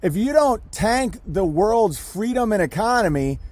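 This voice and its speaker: High-voiced man, irreverent podcast guest. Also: sing-song, measured pace, a little mellow. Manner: irreverent, rambling storytelling. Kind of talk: casual podcast conversation.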